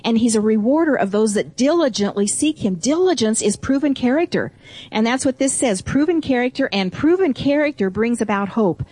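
A woman's voice: on the high side, a little mellow. A middle-aged woman co-hosting a Bible teaching program, reading and explaining scripture with enthusiasm. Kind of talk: conversational preaching.

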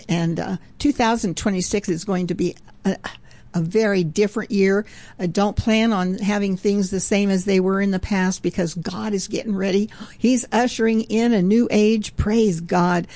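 A woman's voice: mid-range voice, mellow, no room sound. A woman hosting a devotional radio ministry program, talking earnestly and fervently, with frequent exclamations of praise and a chatty, conversational manner. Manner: chatty and conversational, with fillers and restarts.

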